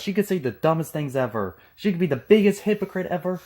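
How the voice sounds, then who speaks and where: A man's voice: fairly high pitch, lively intonation, fast, few pauses, mellow, a little hiss or hum. A man from Texas giving mocking, sarcastic reaction commentary with frequent profanity. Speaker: commentary channel host.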